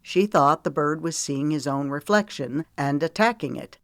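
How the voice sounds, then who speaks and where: A woman's voice: low voice, moderate pace, no echo, clean studio sound. A woman narrator voicing a weary, protective male friend in an audiobook, blunt and earnest. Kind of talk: audiobook character voice.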